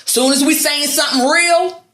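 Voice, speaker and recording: A woman's voice: high voice, fairly even intonation, moderate pace, fairly bright tone, echoey room, a little hiss or hum. A woman delivering an angry, sarcastic, profanity-heavy rant to her viewers. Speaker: vlogger. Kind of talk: angry ranting monologue.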